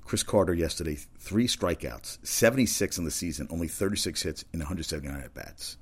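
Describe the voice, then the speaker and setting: A talk show host rambles through sports news and comedy anecdotes in a casual, conversational segment, full of restarts and asides. His low voice has lively intonation, a breathy edge, and a slightly fast pace.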